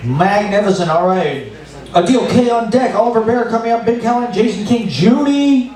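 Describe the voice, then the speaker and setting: A man's voice: high-pitched, expressive, moderate pace, darkish tone, far from the mic. A man hosting an open mic, hyping the crowd with sing-song announcements. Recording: very echoey room, mic from afar, faint noise.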